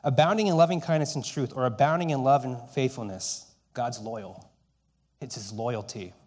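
A man preaching a sermon, telling stories and dropping between loud emphasis and hushed, quiet lines. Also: medium pitch, moderate pace. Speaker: pastor.

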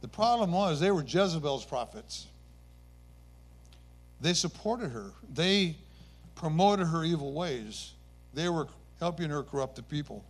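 Earnest preaching man, slightly high voice. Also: animated, a little slow, pauses often. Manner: earnest storytelling, rising emphasis, occasional self-corrections. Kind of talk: sermon.

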